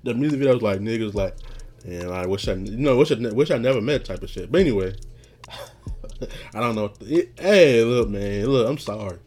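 A man's voice: on the low side, moderate pace. Rambling man chatting on his podcast. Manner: rambling, laughs often, frequent "you know what I'm saying"; gets loud and animated when retelling anger. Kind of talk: casual rambling monologue.

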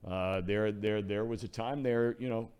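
A man in his sixties hosting a radio sports show, chatting casually and warmly with a guest. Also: lowish voice, fairly even intonation, moderate pace, smooth.

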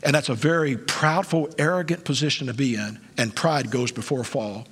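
A male pastor preaching a sermon, with emphatic delivery that swings between quiet asides and loud peaks, recorded in a church. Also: mid-range voice, brisk, breathy edge. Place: church sanctuary. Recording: long church hall reverb.

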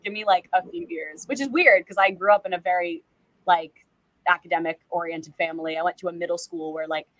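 A young woman from California talks casually as a podcast guest, bright and a bit sharp in tone. She's chatty and self-deprecating, scattering "like" through her sentences. The sound is dry and close, with little room. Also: on the low side, steady tone, brisk, dry recording, low-quality recording. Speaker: guest, actress and musician. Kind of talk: casual interview chat.

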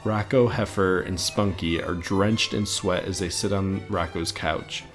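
A man co-hosting a podcast, casually retelling an episode idea with relaxed fillers. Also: deep voice, unhurried, faint music behind. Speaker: podcast co-host.

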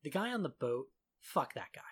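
A man's voice: a little high, very animated, fairly quick, fairly bright tone, husky. A man in casual chat about a video game, sarcastic and laughing often as he mocks the characters' lines.

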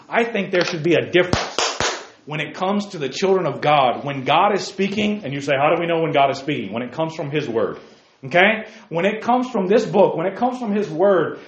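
Animated male pastor with a high voice, roomy echo, dull recording. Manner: animated, calls out to listeners by name, swings from low asides to shouts. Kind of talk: sermon. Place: church sanctuary.

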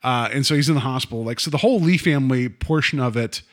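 A podcast co-host with a medium-pitched voice talks quickly and loosely about a story. He's chatty and acts out quotes from other people in animated voices.

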